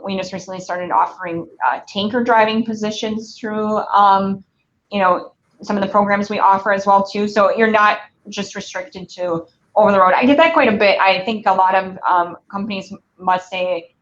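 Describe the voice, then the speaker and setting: A Midwestern woman recruiter talks through viewer questions in an upbeat, chatty way, full of ums and little asides. Her voice sits at a middle pitch. The sound is a bit dull and lo-fi, like streamed audio. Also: fairly bright tone. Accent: Midwestern American. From Wisconsin. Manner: upbeat, chatty, many fillers. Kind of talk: live Q&A stream.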